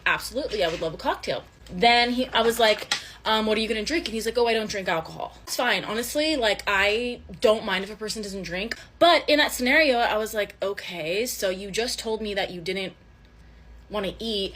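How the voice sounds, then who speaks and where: A young woman casually telling a first date story, chatty and animated, acting out the dialogue. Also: mid-range voice.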